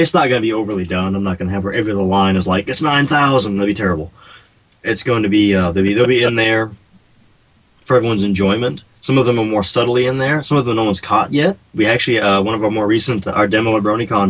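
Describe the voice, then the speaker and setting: A man with a fairly low voice chats easily as a guest on a radio show. He talks at length about his project, restarting phrases here and there as he goes. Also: rough recording. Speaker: game developer guest. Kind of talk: casual radio interview.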